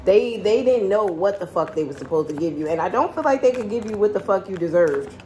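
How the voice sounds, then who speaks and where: A woman reading tarot cards in a loose, chatty way, blunt and quick to swear. Her voice sits at an ordinary middle pitch, with a faint hum of background noise behind it. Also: animated, dark tone. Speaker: tarot reader.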